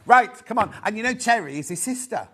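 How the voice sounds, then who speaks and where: A man's voice: high-pitched, expressive, fairly quick, pushed and bright. A man with a Yorkshire accent presenting fabric on a live shopping channel, chatty and gushing, full of asides. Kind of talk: live TV sales chat.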